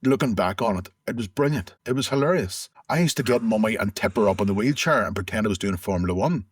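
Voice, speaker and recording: A middle-aged man speaks in a low, slightly husky voice, recalling his past in a candid, conversational way and often restarting his sentences. The recording is close and dry, with little room sound around him. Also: lively intonation, fast talker, no room sound. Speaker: interview guest. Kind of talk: candid personal storytelling.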